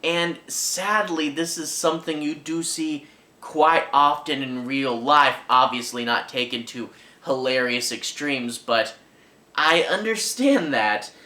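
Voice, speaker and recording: Bright-voiced man reviewing a film. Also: fairly high pitch, takes it slowly. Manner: conversational, frequent ums and restarts. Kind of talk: casual film review talk. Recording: echoey room.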